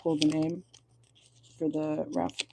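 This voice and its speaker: Hoarse chatty woman with a gravelly voice. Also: sits low, monotone, measured pace, background noise. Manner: chatty, reads viewer comments aloud. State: hoarse, voice going out. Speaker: tarot reader. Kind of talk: casual live tarot reading. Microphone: phone or laptop in a car.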